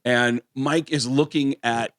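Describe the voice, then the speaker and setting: A male comedian, a guest in a radio studio, telling an animated story in a mid-range voice. He slips into other people's voices as he goes. The sound is dry and close on the mic. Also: medium pitch, slow, dry recording. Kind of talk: casual storytelling on a radio show. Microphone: studio microphone.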